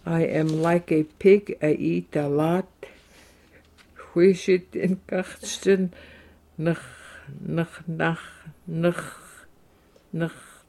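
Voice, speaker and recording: A man teaching everyday phrases at a very slow, careful pace, saying each one in English and then in his native language. His voice is dark and gravelly, and he breaks the phrases into small pieces. It sounds like a patient lesson. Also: fairly high pitch, flat delivery. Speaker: language speaker reading phrases.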